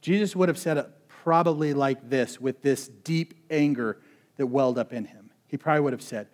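A man preaching a conversational sermon. He swings between loud emphasis and hushed intensity and often says "like". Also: medium pitch, moderate pace. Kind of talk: expository sermon.

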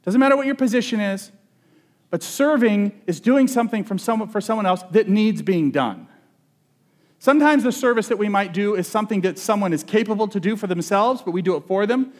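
A male pastor with a high voice preaches fairly quickly in a laid-back, joking, conversational way, regularly turning questions to his listeners.

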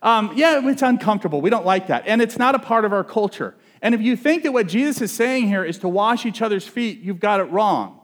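High-voiced preacher, casual and humorous. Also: male voice, lively intonation, fairly quick, few pauses. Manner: conversational, humorous, asks the audience questions. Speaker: pastor. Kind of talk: sermon.

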